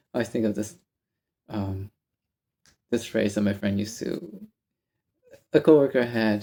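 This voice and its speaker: A man's voice: mid-range voice, creaky. A man telling a rambling story to camera in a casual vlog, often stopping to correct himself. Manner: rambling, animated, self-interrupting. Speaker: vlogger.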